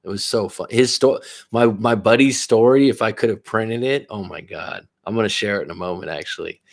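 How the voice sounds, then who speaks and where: A man's voice: lowish voice, brisk, gravelly. A man coaching and telling a story in a casual, profane, rambling way, often restarting his sentences. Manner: rambling, profane, self-interrupting. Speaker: life coach. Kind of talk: casual storytelling on a live stream.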